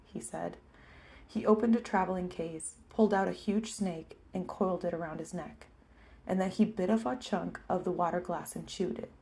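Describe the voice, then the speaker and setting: A woman narrates a novel as a homemade audiobook. Her voice is mellow and dark in tone, and it drops low and quiet for narration, then grows louder and sharper for the characters' lines. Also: fairly even intonation, normal speed, creaky. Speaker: audiobook reader.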